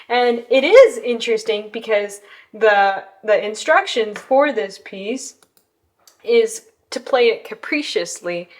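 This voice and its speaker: A woman piano teacher explaining how she listens to a pianist, breaking down dynamics, articulation and tempo in an analytical way. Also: mid-range voice. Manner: analytical, hums and scats musical phrases.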